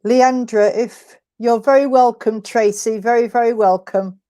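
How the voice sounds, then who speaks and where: Welcoming woman service leader, mellow and a little high, relaying brief replies. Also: steady tone, unhurried. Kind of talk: online service chat.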